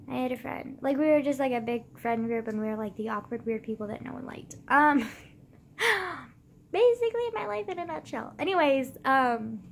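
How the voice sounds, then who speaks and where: A teenage girl chats to her phone camera in a loose, rambling vlog. She strings thoughts together with endless "like"s and casual swearing. Her voice sits a little high. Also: a little hiss or hum. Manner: rambling, full of "like", swears freely. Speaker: vlogger.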